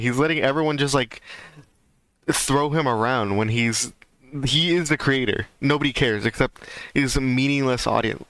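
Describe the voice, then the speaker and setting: A man's voice: medium pitch, fairly quick, a bit bright, dry recording. A man chatting casually on a livestream, rambling and ranting with lots of fillers. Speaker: streamer.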